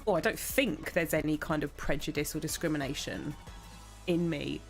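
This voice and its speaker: A woman's voice: sits low, fairly even intonation, normal speed. Tipsy chatty English woman over game music. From England. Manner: chatty, giggly, a little tipsy. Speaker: streamer. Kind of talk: casual gaming chat.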